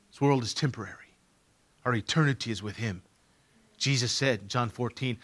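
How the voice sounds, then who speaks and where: Bright-voiced man preaching a sermon. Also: medium pitch, brisk, pauses often. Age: middle-aged. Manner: swings from quiet to loud, emphatic repetitions. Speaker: pastor.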